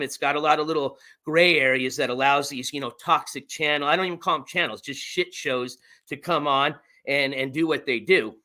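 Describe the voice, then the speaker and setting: A man's voice: on the high side, sharp tone. A man hosting a casual livestream chat, laid-back and rambling, swearing now and then. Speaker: streamer.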